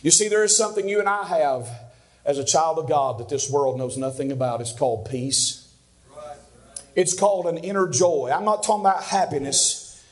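High-voiced man preaching a sermon. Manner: earnest, rising to fervent peaks. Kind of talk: sermon storytelling.

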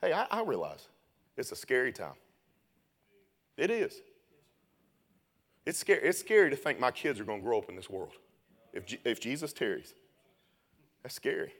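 Preacher guy, young, bright punchy voice, storytelling then hollering the sermon. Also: mid-range voice, sing-song, normal speed, long pauses. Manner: storytelling that builds to loud shouted preaching.

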